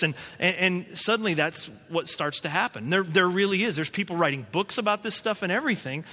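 A man preaching a sermon, his voice high for a man and bright and forceful. He talks in a loose, conversational way and acts out little quoted voices. The sound rings with the long reverb of a large hall. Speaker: pastor.

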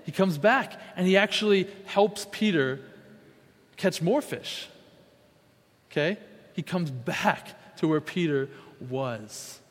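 High-voiced preacher in a reverberant hall. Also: male voice, slow pace. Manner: emphatic, repeats key phrases, acts out quotes. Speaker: pastor. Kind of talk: sermon.

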